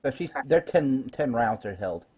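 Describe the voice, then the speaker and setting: A man's voice: medium pitch, expressive, normal speed, a little mellow, breathy edge. A man running a live online tabletop game as dungeon master, chatty and explaining rules with fillers.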